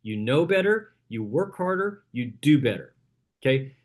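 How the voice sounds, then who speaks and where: With a sing-song, mid-range voice at normal speed, a man leads a training session for his real estate team. He coaches punchily, regularly checking in with "okay?"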